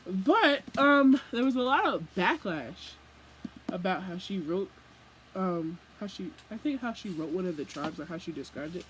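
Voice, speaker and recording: A young woman vlogging casually from home, rambling and animated as she jumps from thought to thought. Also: lowish voice, moderate pace, a little hiss or hum, low-quality recording. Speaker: book vlogger. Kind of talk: casual chat.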